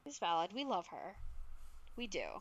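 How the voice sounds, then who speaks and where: A young woman with a Massachusetts accent co-hosting a podcast in excitable casual chat, swearing freely and reading out her notes. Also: mid-range voice, moderate pace, dull audio. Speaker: podcast co-host.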